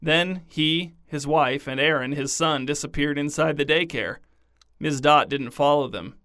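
A man narrating a story in a deadpan, scripted reading. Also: on the high side, unhurried, no room sound, clean studio sound.

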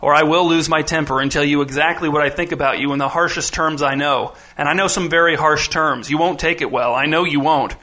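A man reading the part of a tired father who talks in a flat, curt, dry way. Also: a little high, fairly quick, few pauses. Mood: cold.

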